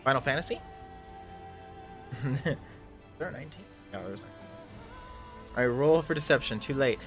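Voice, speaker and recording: A man's voice: mid-range voice, expressive, moderate pace, faint music behind. A man narrating a tabletop game as game master in a loose, rambling way, full of ums and restarts.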